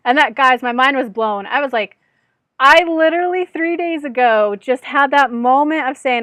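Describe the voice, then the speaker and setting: A woman's voice: high voice, moderate pace, a bit bright, no echo. A woman working as an intuitive channel tells a candid story to her viewers in a chatty, self-deprecating way, often calling them "guys". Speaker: intuitive channel and law of attraction coach. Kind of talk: storytelling vlog addressed to viewers.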